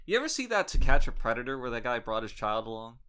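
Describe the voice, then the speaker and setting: A man chats on a casual podcast, his bright voice full of lively pitch swings. He tells stories animatedly and jokes in a crude, irreverent way. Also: fast, a little hiss or hum. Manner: animated storyteller, acting out quoted people. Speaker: podcast host.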